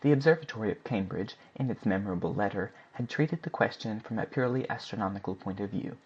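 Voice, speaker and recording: A man narrating a classic novel as an audiobook in a steady, even reading. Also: fairly low pitch, fast, slightly rough. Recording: dull lo-fi recording.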